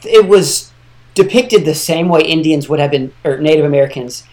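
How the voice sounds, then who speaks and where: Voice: mid-range voice, normal speed, a little mellow. A podcast co-host in casual chat, explaining points at length.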